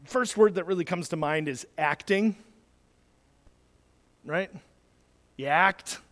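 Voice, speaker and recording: A man's voice: high-pitched, a bit bright. A man preaching a sermon as a pastor, talking conversationally and then building to urgent exhortation, in a church. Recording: long hall reverb.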